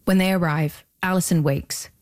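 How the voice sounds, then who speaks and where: A woman hosting and narrating a documentary podcast in a measured, scripted delivery. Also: on the low side, slight background noise. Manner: measured, even storytelling delivery.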